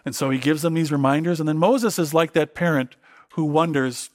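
Male preacher, expository sermon, fairly high-pitched, conversational, repeats words, rhetorical questions. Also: moderate pace. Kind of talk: expository sermon, Bible reading and commentary.

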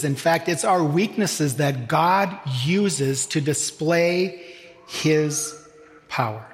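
A man preaching a sermon as pastor, slow and deliberate with dramatic pauses, addressing his congregation. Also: on the high side. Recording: long hall reverb.

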